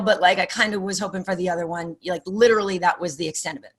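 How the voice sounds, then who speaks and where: A middle-aged woman, a sports TV host, chatting as a podcast guest and telling animated stories with many fillers and restarts. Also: medium pitch, racing, few pauses, breathy edge. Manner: animated storyteller, many fillers and self-corrections. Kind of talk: casual interview chat.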